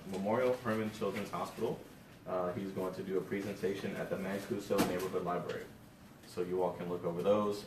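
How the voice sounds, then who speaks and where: A man organizing an event gives casual announcements and introduces the speaker, hesitating often with fillers. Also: low voice. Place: library meeting room. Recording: echoey room, distant mic, faint noise.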